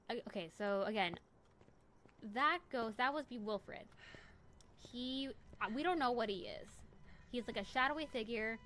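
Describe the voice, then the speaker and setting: A woman's voice: medium pitch, a bit bright, a little hiss or hum. A young adult woman streaming a game, telling a story in a casual, rambling way, often correcting herself and joking. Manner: rambling, self-correcting, jokey. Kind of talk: casual storytelling while gaming.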